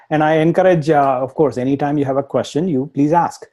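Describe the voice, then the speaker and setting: A man's voice: a little high, brisk, dark tone. A man with an Indian accent teaching a live online tech lesson, explaining step by step, repeating points and laughing at himself. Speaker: instructor.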